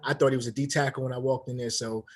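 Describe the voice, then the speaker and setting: A man in his thirties, once a football player, talks fast in a medium-pitched voice with slight background noise behind him. He's an animated storyteller in a casual interview, acting out the dialogue he recounts.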